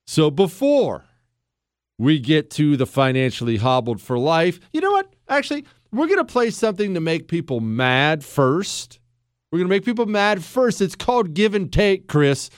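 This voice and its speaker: A man hosting a talk radio show, joking sarcastically and swinging between mock outrage and quiet earnest talk into a studio mic. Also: on the high side, big pitch swings, moderate pace, clear, resonant tone, no echo. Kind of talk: conservative talk radio monologue. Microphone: studio microphone.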